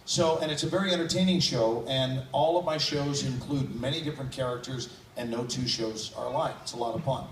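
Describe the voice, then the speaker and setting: Recorded on a distant phone in the audience, a man appears as a guest actor on a convention panel, joking playfully with the crowd. His mid-range voice moves a little fast with hardly any pauses, and the audio is echoey and noisy.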